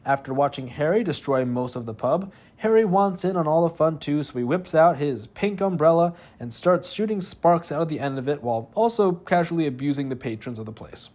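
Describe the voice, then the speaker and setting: Young male gaming host, slightly high voice, scripted comic narration with wry throwaway asides. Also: animated, fairly quick, few pauses, darkish tone. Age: young adult. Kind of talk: scripted comedic narration over gameplay.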